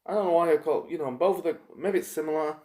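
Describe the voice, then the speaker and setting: Male reviewer, slightly high voice, rambling, loose delivery full of ums and restarts, echoey room. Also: warm tone. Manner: rambling, halting, with many fillers and restarts. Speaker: TV episode reviewer. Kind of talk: casual spoken review.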